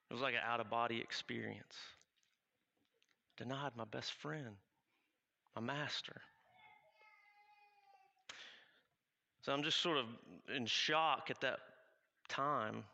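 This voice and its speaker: A man playing a remorseful male apostle in a first-person dramatic monologue, confessional and halting. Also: medium pitch, creaky, sharp tone, dull audio. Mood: shaken. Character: remorseful male apostle recounting his denial.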